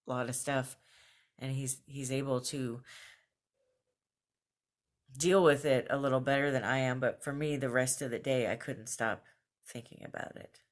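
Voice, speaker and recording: A woman's voice: a bass voice, fairly even intonation, unhurried, pauses often. Earnest woman vlogging at home. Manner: earnest, thoughtful, with frequent fillers and soft laughs. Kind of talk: casual video journal talk. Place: at home, just out of bed.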